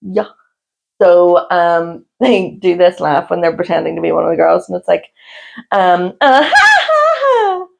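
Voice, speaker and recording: A woman, co-hosting a casual chat podcast and often breaking into loud, high laughter. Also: normal speed, gravelly. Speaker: podcast co-host.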